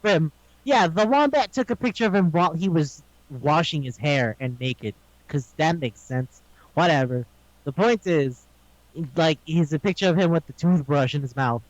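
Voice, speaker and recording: A man on a podcast casually recapping an anime episode, animated and swearing a lot, acting out the characters' lines. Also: on the high side, moderate pace, no echo, lo-fi sound. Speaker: podcast co-host.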